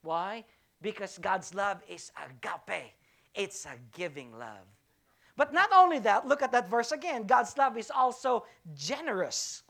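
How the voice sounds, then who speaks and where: A woman's voice: medium pitch, very animated, a little slow, gravelly, a bit bright. A woman pastor preaching a sermon to her church, emphatic and repetitive, asking the congregation rhetorical questions.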